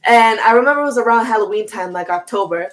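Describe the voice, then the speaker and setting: A woman's voice: on the high side, poor audio. A young woman, an interview guest, telling a story in casual chat with slang and acted-out quotes. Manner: animated, fast slangy storytelling with reenacted quotes.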